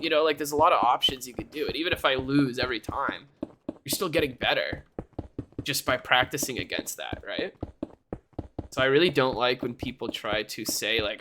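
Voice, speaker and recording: Animated ranting young male streamer. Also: a little high, normal speed, slight background noise. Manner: animated ranting, laughs often. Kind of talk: casual chat.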